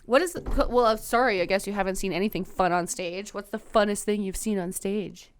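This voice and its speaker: A woman's voice: mid-range voice, a little fast. A woman co-hosting a podcast, blunt and joking in casual chat. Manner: blunt, joking, laughs often. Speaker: podcast co-host.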